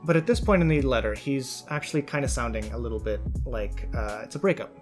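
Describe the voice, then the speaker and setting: A man with a medium-pitched voice talks briskly while hosting a commentary video, faint music playing underneath. He reads a letter aloud and reacts to it casually, full of fillers and restarts.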